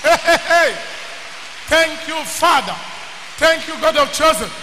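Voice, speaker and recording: A man, a pastor interjecting praise shouts and slow chants during a worship service. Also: extremely high pitch, expressive. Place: large church hall. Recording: distant mic with hall reverb and faint noise.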